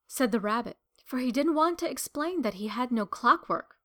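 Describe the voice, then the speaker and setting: A woman's voice: fairly high pitch, animated, normal speed, hardly any pauses, fairly bright tone. Woman reading a storybook aloud. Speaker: narrator. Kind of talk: storybook read-aloud narration.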